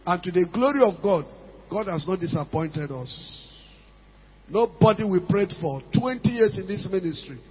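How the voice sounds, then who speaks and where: Emphatic pastor in a hall. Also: male voice, fairly high pitch, a little hiss or hum. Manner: emphatic, repeats phrases, pidgin asides. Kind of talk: sermon. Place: church hall. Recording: dull sound with long hall reverb.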